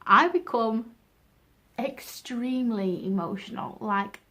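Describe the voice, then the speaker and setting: A woman's voice: fairly high pitch, animated, slow, sharp tone. A young woman giving frank, chatty advice in a casual vlog, laughing at herself now and then. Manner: chatty, frank, self-deprecating. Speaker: vlogger.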